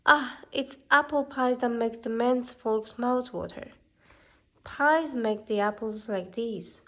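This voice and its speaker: A woman voicing a wicked queen disguised as a wheedling old peddler woman in a storybook reading, with a somewhat high voice. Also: slow pace, fairly bright tone. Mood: coaxing. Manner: wheedling, calls listener dearie.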